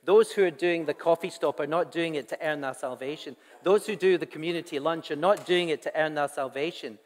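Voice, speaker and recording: A man's voice: a little high, brisk. A man giving a sermon to his congregation, earnest and conversational, with asides to the people in front of him. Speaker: pastor. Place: church hall. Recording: long church reverb.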